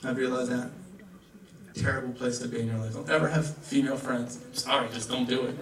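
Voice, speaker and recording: A man's voice: medium pitch, level tone, crowd noise. A young man from the American South performing a stand-up comedy set and acting out characters in raised voices. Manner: rapid asides, acts out characters in raised voices. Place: comedy club. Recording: roomy club audio from a distant mic.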